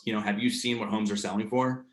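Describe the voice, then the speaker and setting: A man's voice: on the low side, steady tone, fast, echoey room. A man with a New Jersey accent, leading a real estate training session in a casual, slangy way, full of fillers. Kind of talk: casual coaching talk.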